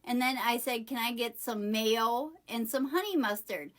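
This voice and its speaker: A woman's voice: fairly high pitch, normal speed, a bit bright. A woman vlogger telling a personal story to the camera in a casual, rambling way, often correcting herself. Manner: chatty, rambling retelling with self-corrections.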